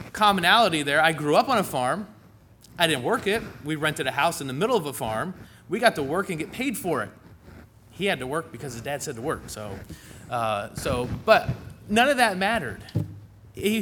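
A middle-aged man preaches to his congregation in a relaxed, folksy way, tossing in asides as he goes. His voice sits a little high for a man. A faint hiss hangs under the church-hall recording. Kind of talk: sermon.

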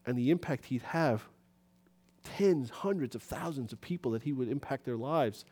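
A man from New City, preaching a sermon in a church and acting out little conversations as he goes. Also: moderate pace. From New York City. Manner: animated, acts out conversations with rising pitch.

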